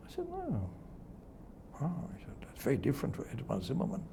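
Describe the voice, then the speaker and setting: An older man, a veteran broadcaster, recalls old stories in an interview, chuckling and mimicking the people he quotes. His voice is strongly gravelly and dark-toned, with faint noise behind him. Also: mid-range voice, huge pitch swings, rapid-fire. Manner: chuckling storyteller who acts out quoted voices. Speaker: television presenter. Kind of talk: reminiscing interview anecdotes.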